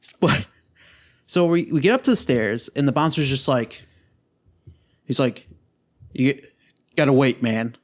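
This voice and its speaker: A man in his twenties co-hosting a casual podcast chat, telling stories in a profane, animated way. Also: medium pitch, measured pace, pauses often. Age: 20s. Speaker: podcast co-host.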